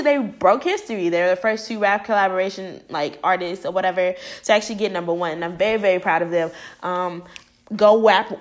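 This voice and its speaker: A young woman from the United States vlogging, giving casual and profane celebrity commentary and acting out the voices she quotes. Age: young adult. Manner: animated, profane, acts out quoted voices high and loud.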